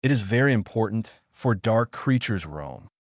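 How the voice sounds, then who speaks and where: A kindly old wizard headmaster speaks in a calm, measured way, as a man reads him. The voice is lowish, and the recording is dry. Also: no room sound, lightly acted.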